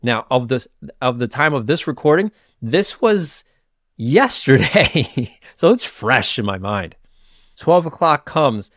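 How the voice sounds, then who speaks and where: A man's voice: mid-range voice, dry recording. Dry-voiced man telling a story. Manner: animated, self-mocking, quick bursts with stammered restarts. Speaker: podcast host. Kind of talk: casual personal storytelling.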